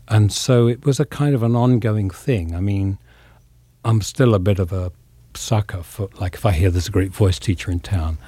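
Deep husky older Englishman, reflective. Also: dark tone, dry recording. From England. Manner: thoughtful, pausing, many fillers. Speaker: actor, interview guest. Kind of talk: reflective interview talk.

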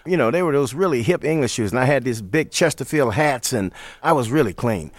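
A man from St. Louis telling stories in an interview, relaxed and often laughing, acting out the voices he quotes. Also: medium pitch, a little fast, no echo. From St. Louis, USA. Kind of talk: storytelling interview.

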